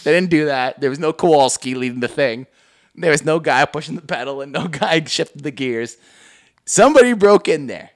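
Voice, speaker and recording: A man's voice: on the high side, animated, brisk. A man co-hosting a podcast in casual chat, telling stories animatedly, laughing and swearing often. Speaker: podcast co-host.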